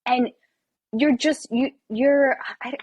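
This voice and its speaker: A woman's voice: high-pitched, steady tone, slow pace, a little mellow, breathy edge, no echo. Emphatic woman podcast host, dry sound. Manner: emphatic, empathetic, talks in bursts with restarts. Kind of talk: interview conversation.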